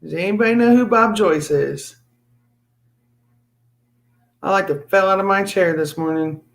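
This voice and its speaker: A high-pitched man chatting casually as host of a live stream. He talks in an excitable, rambling way, tripping over his words and restarting his sentences. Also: unhurried, vocal fry. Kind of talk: casual chat.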